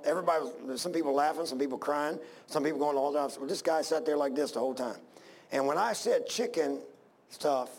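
A man's voice: fairly high pitch, creaky. A man preaching a sermon in a folksy, rambling way, full of fillers and restarts.

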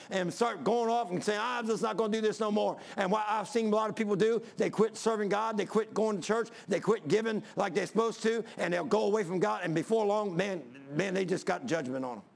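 Emphatic high-voiced gravelly preacher. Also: male voice, fairly quick, hardly any pauses. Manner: emphatic, repetitive, building to shouts. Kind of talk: sermon. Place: church before a congregation.

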